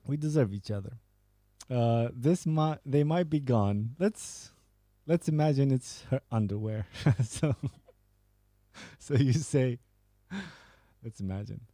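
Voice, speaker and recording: A man's voice: medium pitch, takes it slowly, long pauses, mellow, dry recording, studio quality. A man hosting a podcast, casually reading out and joking about viewer messages, laughing and swearing often. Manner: laughing, profane, banter. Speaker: podcast host.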